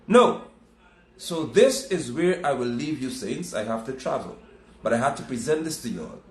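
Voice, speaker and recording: A man's voice: medium pitch, expressive, normal speed, darkish tone, reverberant. A man preaching a sermon, emphatic and scolding, repeating his points.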